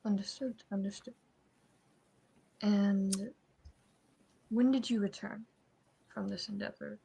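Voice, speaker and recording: A woman's voice: medium pitch, fairly even intonation, takes it slowly, vocal fry, mellow, slightly rough, exaggerated voice. A woman playing a polite, formal doctor in a tabletop game, asking careful, courteous questions. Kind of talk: in-character tabletop role-play.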